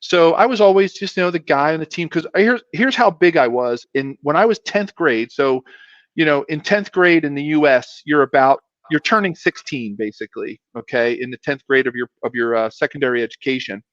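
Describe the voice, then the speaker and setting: A man's voice: on the high side, animated, fairly quick, a bit bright, no echo. Rambling man with a muffled sound. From South Philadelphia, US. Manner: rambling, self-deprecating, many restarts and fillers. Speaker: guest, former pro football player. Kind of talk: casual storytelling interview. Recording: dull, muffled sound, dry.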